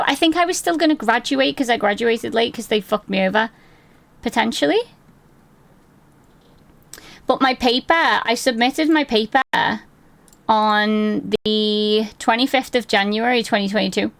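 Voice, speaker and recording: This young woman in her twenties has a fairly high voice with vocal fry, speaking a little slowly with long pauses and no room sound. On her home stream she casually reads chat aloud, swears a lot, mocks herself, and laughs easily.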